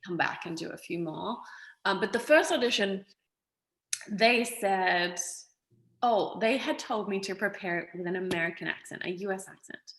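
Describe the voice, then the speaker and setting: An actress from Australia telling stories in a casual interview, animated and expressive. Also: female voice, medium pitch, normal speed, roomy sound, rough recording. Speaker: actress, guest.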